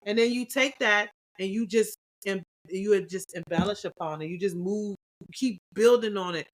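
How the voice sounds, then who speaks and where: A woman co-hosting a couples podcast, chatting casually and acting out past conversations with lively swings in her voice. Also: normal speed. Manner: animated, acts out quoted dialogue with big pitch jumps. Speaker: podcast co-host.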